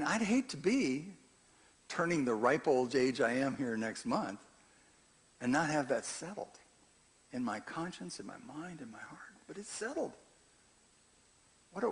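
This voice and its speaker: An older man preaching a sermon in a conversational way, dropping to quiet asides and rising to loud, emphatic scripture reading. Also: a little high, very animated, a little slow, gravelly, long pauses. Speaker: pastor.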